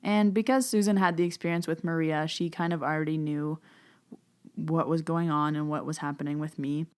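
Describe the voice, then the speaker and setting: A woman's voice: sits low, steady tone, moderate pace, clean tone. A woman telling her own experience as a medium in a casual podcast, chatty with lots of fillers. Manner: chatty, many "so" and "like" fillers, hushed when she retells whispered talk.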